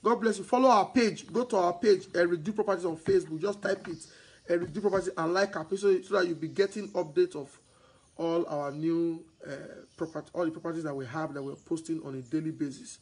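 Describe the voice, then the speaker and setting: A man with a Nigerian accent and a fairly high, slightly rough voice talks a little fast, captured in a rough recording. In a sales broadcast monologue he pitches real estate to his viewers, blending Pidgin into his English. As he gets worked up, he repeats himself and grows loud and excited.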